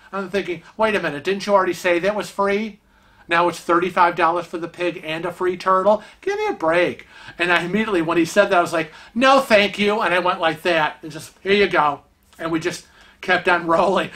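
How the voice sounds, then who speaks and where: A middle-aged man, a vlog host, casually telling a travel story and acting out the people in it. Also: sits high. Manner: animated, acts out quoted voices.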